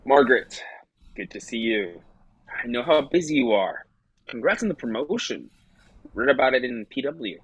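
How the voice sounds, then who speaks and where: A man reading an intense middle-aged man in a bad suit, speaking flatly, for a play reading. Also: mid-range voice, normal speed, long pauses, breathy edge, no echo. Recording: dull, dry home mic.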